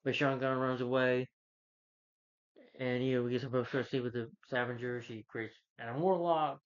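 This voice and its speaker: A man's voice: mid-range voice, fairly even intonation, moderate pace. A man casually recapping a movie plot, rambling and filling with "like" and "you know.". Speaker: movie reviewer. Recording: dull lo-fi recording.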